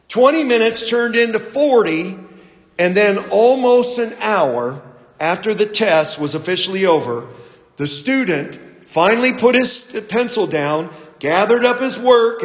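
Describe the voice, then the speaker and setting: A man preaching a sermon as pastor, telling a story slowly with some fillers and restarts. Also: high-pitched, reverberant, in a large hall.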